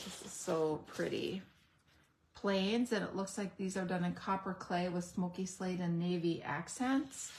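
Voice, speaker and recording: A middle-aged woman walks through new craft supplies at an unhurried pace. She gets excited over each piece and stops to search for the right word. A faint hiss sits under her voice. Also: fairly low pitch. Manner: enthusiastic, gushing over products; thinks aloud, pauses to find words. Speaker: crafting video host. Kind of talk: unboxing product demo.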